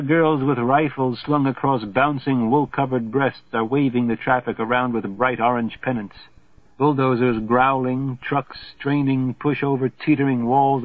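A man narrating a literary novel as an audiobook in a measured voice that grows hushed in somber passages. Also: medium pitch, dry recording. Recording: tinny phone-like sound, dry.

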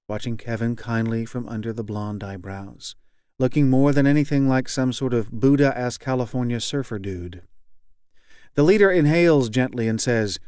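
A man reading a novel aloud as audiobook narrator, in a measured, wry, even delivery. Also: medium pitch, clean tone, no echo, studio quality.

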